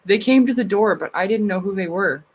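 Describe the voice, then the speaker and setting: A Canadian woman streamer chats casually with her livestream viewers, blunt and profane, laughing often. Her mid-range voice is husky and fairly quick.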